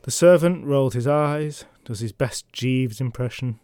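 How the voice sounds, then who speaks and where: A male podcast host retells old legends in a chatty, comic way, full of wry asides. His voice sits at a middle pitch. The sound is close and dry, with no room in it. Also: a little slow, darkish tone, clear, resonant tone, no echo.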